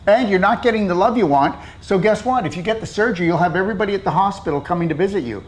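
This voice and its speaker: A man's voice: high voice, rapid-fire. Blunt, preachy man talking health. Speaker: host. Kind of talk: casual health talk.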